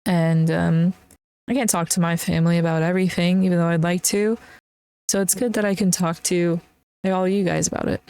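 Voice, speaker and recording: A young woman hosting her own podcast, talking in an earnest, emotional and encouraging way, with many pauses and fillers. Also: fairly low pitch, steady tone, dark tone, clear, resonant tone, no echo. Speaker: podcast host. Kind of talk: casual solo podcast talk.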